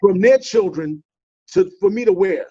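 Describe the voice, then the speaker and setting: Husky and high, the man's voice moves at a normal speed, and the recording is dry and muffled. He's a comedian guest from the Bronx, New York, animatedly telling playful, teasing stories during a casual interview.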